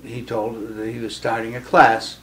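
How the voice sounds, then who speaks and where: A man in his seventies, an interview guest recalling early days, speaking haltingly and pausing often as he tells his story. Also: medium pitch, level tone, fairly bright tone. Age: 70s. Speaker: guest, guild president. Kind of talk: reminiscing interview talk.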